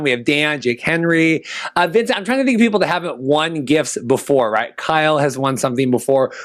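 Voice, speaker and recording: A man hosting a podcast, chatting casually, excitable and rambling with lots of restarts. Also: a little high. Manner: excitable, rambling, repeats himself. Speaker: podcast host.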